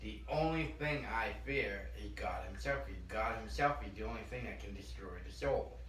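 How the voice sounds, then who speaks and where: Man with a bright, forceful voice. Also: fairly low pitch, moderate pace. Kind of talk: casual chat about faith. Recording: echoey room, mic at a distance, faint hiss.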